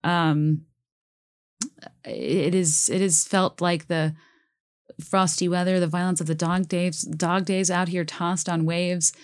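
A woman's voice: fairly low pitch, little pitch movement, slow, dry recording, clean studio sound. A young woman talking casually about songs, musing and hesitant with many fillers, reading lyrics aloud. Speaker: music vlogger reacting to songs.

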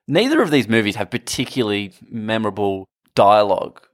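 A man co-hosting a casual movie podcast, blunt, enthusiastic and quick to swear. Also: on the low side, big pitch swings, dry recording, studio quality. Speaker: podcast co-host.

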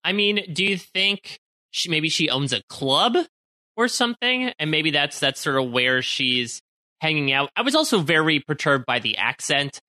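A man with a bright, forceful tone and dry, close sound, trading wry jokes as a podcast co-host. His talk is relaxed and chatty. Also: fairly high pitch, normal speed, dry recording. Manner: wry, joking asides. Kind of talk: casual chat.

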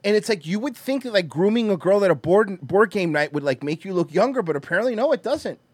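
A man's voice: sits high, expressive, fast talker, no echo. A man co-hosting a podcast, joking in profane, teasing banter. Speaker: podcast co-host. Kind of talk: casual comedic banter.

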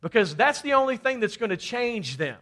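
A man's voice: extremely high pitch, very animated, normal speed, fairly bright tone. A man from Kentucky preaching a fervent sermon, often calling out for amens. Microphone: handheld or head mic.

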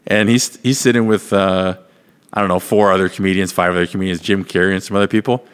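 A man with a lowish voice hosts a podcast in loose, rambling conversation, swearing freely as he explains things. His voice trails off into a long reverb tail. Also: steady tone, fast talker, smooth. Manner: rambling, profane, explains at length. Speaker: podcast host. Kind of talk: casual podcast chat.

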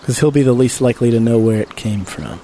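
A man's voice: medium pitch, lively intonation, dark tone, a little hiss or hum. A man playing a tabletop game, joking and laughing with the table. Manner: playful, joking, quick to laugh. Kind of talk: casual tabletop play.

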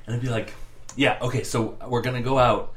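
A man's voice: mid-range voice, flat delivery, brisk. A man chatting casually as a podcast co-host, wry and ribbing his friend. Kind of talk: casual chat.

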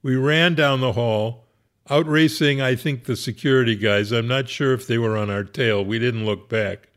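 A man's voice: medium pitch, fairly even intonation, normal speed. A man who is a rabbi, wryly telling a humorous personal story in a conversational way. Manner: wry, conversational, laughs at his own story.

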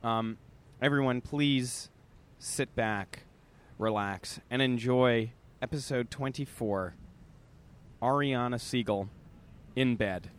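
A man's voice: mid-range voice, slow, long pauses. A man hosting a podcast who asks curious, rambling questions in casual chat. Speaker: podcast host.

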